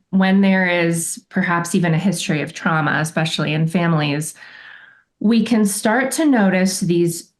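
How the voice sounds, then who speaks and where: Woman, low voice, podcast guest, candid, reflective storytelling. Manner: candid and reflective, acting out remembered remarks. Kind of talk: personal storytelling in a podcast interview.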